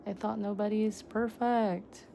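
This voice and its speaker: Young woman vlogger, slow gushing unboxing talk, mellow low-lit tone. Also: creaky, slight background noise. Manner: gushing, excitable, lots of gasps and exclamations. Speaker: vlogger unboxing fan merchandise. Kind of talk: casual unboxing chat.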